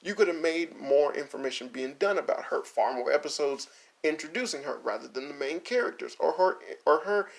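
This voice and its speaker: Guy ranting about a show, kinda gravelly, a bit high, swears a lot and laughs at his own bits. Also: lively intonation. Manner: mocks characters in quick put-on voices. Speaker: video essay host. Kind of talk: casual ranting review.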